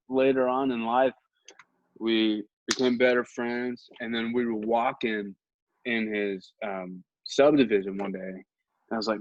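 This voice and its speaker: A young man hosts a podcast and tells a rambling, self-mocking story in a casual way. His voice sits at an ordinary middle pitch. The sound is dry and a little dull, like a lo-fi recording. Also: steady tone, measured pace, no room sound. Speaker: podcast host.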